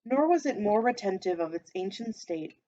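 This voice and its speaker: A woman's voice: medium pitch, expressive, moderate pace, mellow, muffled recording. Woman reading a classic novel aloud. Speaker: reader.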